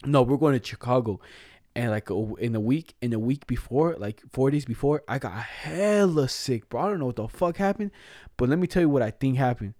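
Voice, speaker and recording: A man's voice: medium pitch, expressive, brisk, mellow, no room sound, studio quality. A young man telling a story in casual chat, slangy and profane, laughing as he goes.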